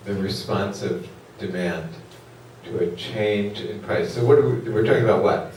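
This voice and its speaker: A man with a slightly mellow, lowish voice talks at normal speed through an economics lecture, wandering off track, using lots of fillers, and asking the class questions. It was captured at a distance in an echoey lecture hall, with a little hiss or hum.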